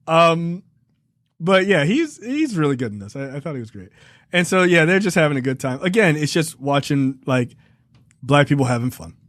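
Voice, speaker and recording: Man reviewing films on a podcast, casual and profane, a bit high-pitched, dry close sound. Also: big pitch swings, normal speed, a bit bright, dry recording. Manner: loose, profane, laughing, acts out quotes. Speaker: podcast co-host. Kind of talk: casual film review chat.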